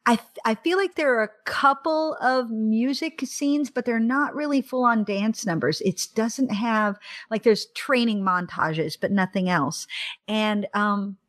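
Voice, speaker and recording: A woman from the United States co-hosting a podcast in casual, animated chat, often laughing and exclaiming. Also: on the high side, unhurried. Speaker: podcast co-host.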